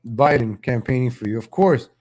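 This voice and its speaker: A man's voice: mid-range voice, moderate pace, darkish tone. A man commenting casually on a live stream, mocking and rambling with frequent restarts.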